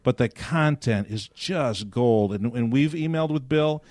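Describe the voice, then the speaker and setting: An older man in casual podcast chat, spinning a story at a mid-range pitch. He trades joking banter with his co-host. His voice sits dry and close to the mic. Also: measured pace, darkish tone, no echo.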